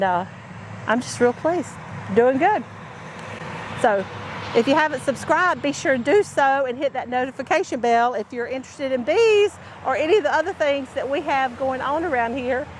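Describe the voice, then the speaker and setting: A homesteading woman talks to her viewers in a relaxed, folksy way. Her voice sits a little high. A faint hiss runs under the recording. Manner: folksy and chatty, addresses viewers as y'all. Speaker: homesteading vlogger. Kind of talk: casual chat to camera. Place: outdoors on a homestead.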